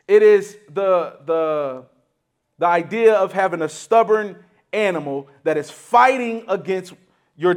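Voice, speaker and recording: A man preaching a sermon, teaching emphatically, restarting phrases and checking in with the congregation. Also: high-pitched. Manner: emphatic teaching with frequent restarts and rhetorical "right?".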